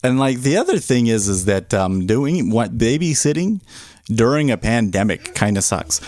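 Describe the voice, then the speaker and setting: A man's voice: mid-range voice, sing-song, normal speed, no echo. A man hosting a day-trading livestream, chatting casually in a rambling, offhand way and talking to his baby in between.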